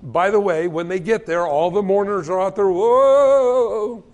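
Brisk, his voice sitting high, a pastor preaches his sermon with animated stories. He voices the people in them himself, acting out their words.

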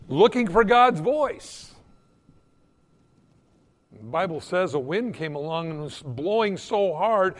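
A man preaching a sermon in an emphatic way, swinging between loud peaks and hushed, quiet drops. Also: sits high, long reverb tail.

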